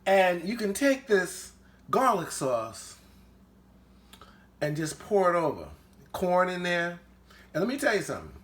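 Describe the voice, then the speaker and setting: A man's voice: high voice, wildly swooping pitch, a little slow, long pauses, a bit bright, reverberant. A man hosting a casual home cooking show, talking chattily and enthusiastically with lots of fillers as he works in his kitchen.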